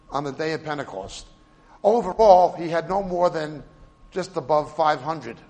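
A man preaching a sermon, explaining Hebrew and Greek words with emphatic stresses and quiet asides. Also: fairly high pitch, in a large hall. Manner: swings between loud stresses and quiet asides.

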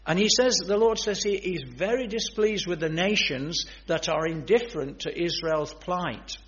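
Earnest preacher man, slightly high voice. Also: normal speed, fairly bright tone. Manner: earnest, emphatic preaching that addresses listeners directly. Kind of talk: sermon on biblical prophecy. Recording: dull lo-fi sermon recording.

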